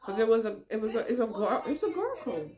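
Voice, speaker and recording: A young woman talks casually into her camera as she reacts to a reality show. Her pitch swings widely, and her delivery is blunt and exasperated, with frequent laughter. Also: big pitch swings, fast, a crowd in the background. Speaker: reality TV recap vlogger.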